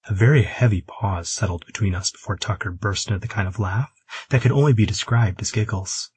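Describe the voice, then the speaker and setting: A man narrating a romance audiobook in a steady, husky voice. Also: on the low side, brisk, no echo. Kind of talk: scripted narration.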